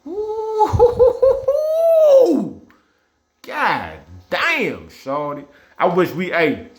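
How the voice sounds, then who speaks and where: Blunt, swearing football fan ranting. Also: male voice, mid-range voice, fairly bright tone. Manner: blunt, repetitive, trash-talking, swears often. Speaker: sports vlogger. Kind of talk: casual opinionated rant.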